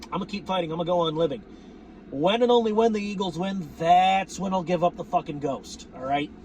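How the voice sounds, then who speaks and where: A man ranting to camera about his football team, profane and rambling, breaking into shouts. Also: sits high, brisk, a little hiss or hum. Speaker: sports fan vlogger. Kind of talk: ranting fan commentary to camera.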